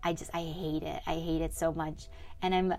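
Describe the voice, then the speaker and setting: A woman's voice: low-pitched, flat delivery, normal speed, darkish tone, soft background music. A young woman hosting her own podcast, chatting casually and upbeat with lots of fillers. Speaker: podcast host. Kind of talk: casual solo podcast chat.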